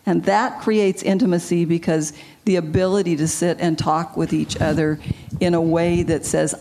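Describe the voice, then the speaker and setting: A woman guest, a marriage counselor, giving advice in a measured way and explaining with example phrases. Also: fairly low pitch, steady tone, noisy background.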